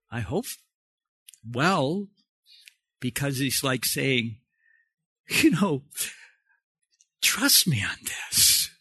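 A man's voice: high-pitched, bright, forceful tone, breathy edge, no echo. A man preaching a sermon as pastor, emphatic and repetitive, putting questions to the congregation.

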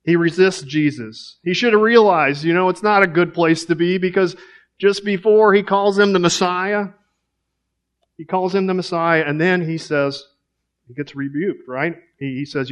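A man's voice: sits high, moderate pace. A man preaching a sermon in a conversational way, asking rhetorical questions.

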